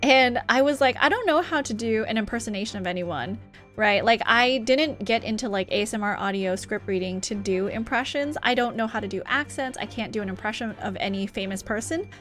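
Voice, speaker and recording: A woman's voice: fairly high pitch, a little fast, fairly bright tone, faint music behind. A young woman streaming a game, chatting casually and reading the game's dialogue aloud with a giggly manner. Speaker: VTuber streamer. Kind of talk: casual live-stream gameplay chat.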